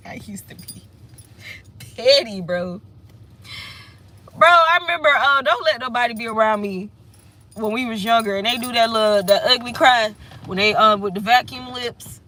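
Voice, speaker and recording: A woman's voice: on the high side, moderate pace, pushed and bright, a little hiss or hum. A woman giving a casual tarot reading, sassy and emphatic, swearing and repeating her points. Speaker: tarot reader.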